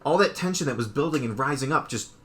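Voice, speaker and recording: Guy rambling through a movie recap, tons of "like", tosses in quick quote voices. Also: medium pitch, expressive, fairly bright tone. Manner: rambling retelling full of "like" and quick put-on quotes. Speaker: podcast co-host. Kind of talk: casual chat.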